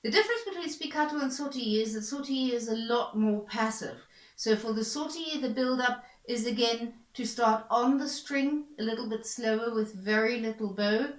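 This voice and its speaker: A woman's voice: fairly high pitch, normal speed, reverberant, rough recording. A woman violin teacher patiently explaining bowing practice, repeating points and encouraging the student. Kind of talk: instructional explanation.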